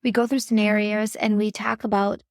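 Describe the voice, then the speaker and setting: Earnest woman coach, close dry gravelly voice. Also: medium pitch, level tone, moderate pace, darkish tone, no room sound. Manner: earnest, instructive, addresses listener directly. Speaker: podcast host and parenting coach. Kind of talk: faith-based coaching talk.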